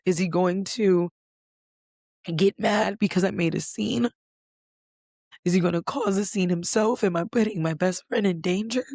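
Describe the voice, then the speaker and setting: A woman's voice: on the low side, normal speed, vocal fry, long pauses, a little mellow, no room sound, studio quality. A young adult woman hosting a podcast, telling a personal story in a candid, conversational way with frequent fillers and the odd swear word. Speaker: podcast host.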